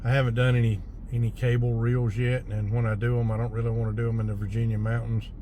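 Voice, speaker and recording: A man's voice: medium pitch, level tone, fast talker, warm tone, slight background noise. A man, a hotshot truck driver talking casually to camera from his truck by the roadside, in a laid-back drawl that thinks aloud with plenty of fillers.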